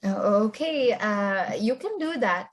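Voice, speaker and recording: A woman of middle pitch plays improv scenes as the show's host. She coaxes and reassures her partners in a playful way, with many fillers and stumbles. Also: lively intonation, slow. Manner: playful, coaxing, hesitant with fillers.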